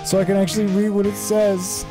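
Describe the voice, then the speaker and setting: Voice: mid-range voice, little pitch movement, fairly quick, music in the background. A tired young adult host doing let's play commentary, flustered and exclaiming often while reading game dialogue aloud and reacting to the game. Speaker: gaming channel host.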